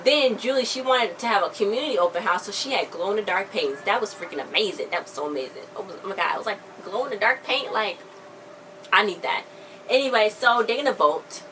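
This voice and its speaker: A young woman rattles through a TV episode recap at high speed, chatty and excitable, slipping into the characters' voices as she goes. She sits a little back from the mic, and a faint background hiss runs under her voice. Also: fast, hardly any pauses. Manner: chatty, excitable, slangy, acts out characters' lines. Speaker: vlogger reviewing a TV episode. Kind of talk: casual recap chat. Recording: a bit distant from the mic, faint background noise.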